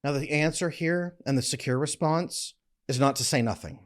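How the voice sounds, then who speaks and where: A middle-aged man, a relationship coach, giving blunt, emphatic advice straight to camera with lively swings in his voice. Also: moderate pace. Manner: emphatic, blunt, animated with frequent pitch jumps. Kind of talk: direct-to-camera advice talk.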